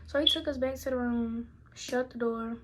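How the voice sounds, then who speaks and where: Brief: young woman vlogger, fairly high voice, casual animated storytelling. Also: normal speed, background noise. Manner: animated, chatty, addresses viewers directly.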